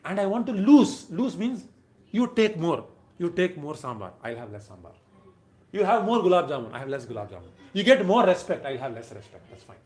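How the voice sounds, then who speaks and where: A man giving a devotional lecture, emphatic, swinging between loud and soft phrases and briefly chanting verses. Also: high voice, sing-song, a little fast, echoey room.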